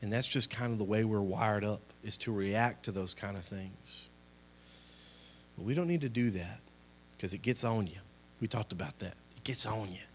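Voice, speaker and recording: A man's voice: fairly low pitch, normal speed, slight background noise. Impassioned young man preaching a sermon. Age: young adult. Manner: impassioned, rising and falling in volume, repetitive exhortations. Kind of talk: sermon with closing prayer.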